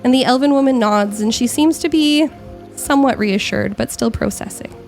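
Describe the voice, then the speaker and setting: A woman narrating as game master of a tabletop game, describing scenes with frequent pauses and self-corrections. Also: on the high side, darkish tone, faint music behind.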